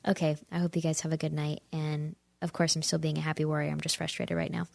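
A woman's voice: low-pitched, level tone, quick pace, gravelly, hardly any pauses, darkish tone, no echo. A woman hosting a podcast, ranting heatedly in a casual monologue and sometimes dropping into whispers. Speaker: podcast host.

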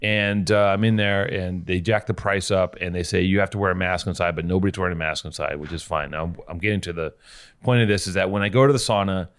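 A man with a fairly low voice tells a long, profane anecdote in loose conversation. He keeps cutting himself off and circling back to his point. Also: steady tone, fast, clear, resonant tone. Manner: rambling, profane, self-interrupting storyteller. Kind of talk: casual storytelling chat.

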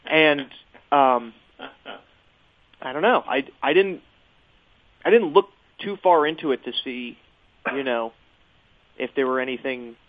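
Hesitant man on a tinny line. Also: mid-range voice. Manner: halting, hesitant, many fillers and restarts. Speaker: guest remembering a friend. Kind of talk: casual podcast conversation.

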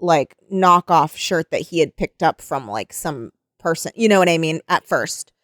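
A woman's voice: deep voice, lively intonation, moderate pace, a bit bright, dry recording, studio quality. A woman co-hosting a podcast in casual chat, retelling a book's scenes by quoting the characters. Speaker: podcast co-host. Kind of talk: casual book-discussion chat.

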